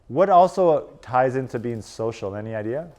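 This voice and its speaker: A man coaching a live audience in a casual, animated presentation. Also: mid-range voice, normal speed. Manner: casual and animated, lots of "like" and "right?". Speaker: strength and performance coach. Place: conference room.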